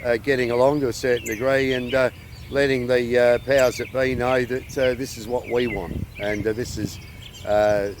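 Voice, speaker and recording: An Australian man in his fifties hosting his channel in casual, halting talk full of fillers, recorded outdoors. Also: mid-range voice, level tone, background noise. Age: 50s. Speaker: channel host.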